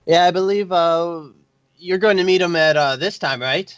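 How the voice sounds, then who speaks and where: A man voicing a loyal, good-natured young male soldier in a tabletop game, speaking haltingly with fillers. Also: high-pitched, a bit bright, smooth, pitched above the performer's own voice. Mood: friendly. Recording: dry, dull mic.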